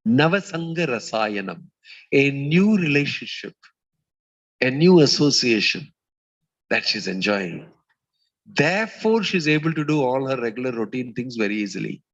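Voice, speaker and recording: A man giving a spiritual talk as a swami, telling stories in a community hall and pausing with "uh" as he goes. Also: mid-range voice, very animated, a bit bright, lo-fi sound. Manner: storytelling, acts out quoted voices, pauses with "uh". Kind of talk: sermon.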